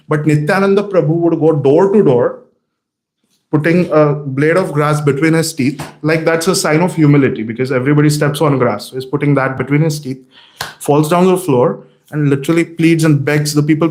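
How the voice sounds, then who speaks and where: A man giving a scripture class in a temple hall, telling the stories with animated energy and many fillers. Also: a little high, moderate pace. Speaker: class speaker.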